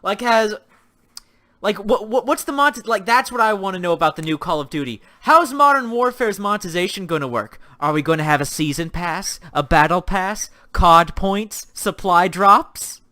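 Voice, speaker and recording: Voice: medium pitch, animated, normal speed, bright, forceful tone. A young adult livestream host chatting casually with viewers, reading chat aloud and ranting sarcastically about games.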